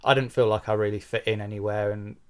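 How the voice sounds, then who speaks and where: Frank, lowish-voiced man. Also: little pitch movement, fast talker, clear, resonant tone. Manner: frank, self-deprecating, swears casually. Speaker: podcast host being interviewed, bass player. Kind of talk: candid conversational interview.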